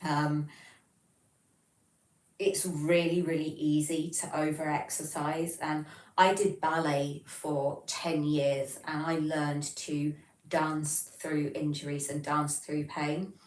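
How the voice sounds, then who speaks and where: Low-voiced Southern English woman streaming. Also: little pitch movement, slow pace. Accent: general Southern English. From England. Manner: chatty, rambling, reads chat messages aloud and answers them. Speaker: livestream host. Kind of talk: casual livestream chat reading viewer comments. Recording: roomy, from some distance off the mic.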